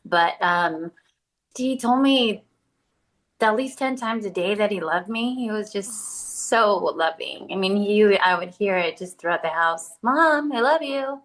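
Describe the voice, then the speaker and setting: A woman guest on a podcast, speaking softly and haltingly, often restarting her sentences. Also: mid-range voice, rough recording. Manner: soft-spoken, halting, with frequent restarts. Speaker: guest, bereaved mother. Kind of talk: casual interview.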